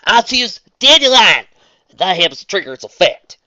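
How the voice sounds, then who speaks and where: A reader voicing a brash young Southern cowgirl card duelist in a put-on Southern drawl, loud and showy. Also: medium pitch, big pitch swings, normal speed, dry recording, lo-fi sound, pitched above the performer's own voice. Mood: taunting. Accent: put-on American Southern.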